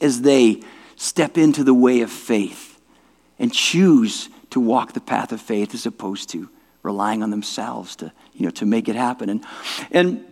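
A man's voice: a little high, animated, moderate pace. A male pastor giving an informal, conversational sermon, often restarting words and asking the audience whether it makes sense. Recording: long reverb of a large hall.

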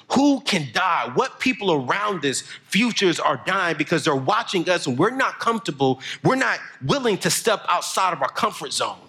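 A young man, preaching a motivational sermon, telling stories and building to shouted emphasis. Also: on the high side.

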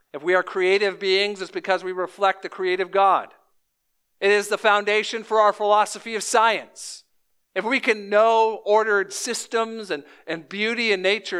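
A man in his thirties preaching a sermon as pastor, measured and emphatic, repeating key lines. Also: high voice, bright, forceful tone, clean tone.

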